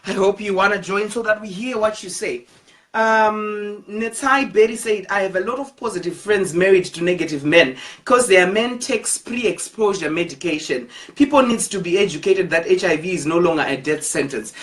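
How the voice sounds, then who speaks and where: A woman's voice: medium pitch, moderate pace. Woman, live talk show host, affectionate, encouraging, reads out viewer comments. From Zimbabwe.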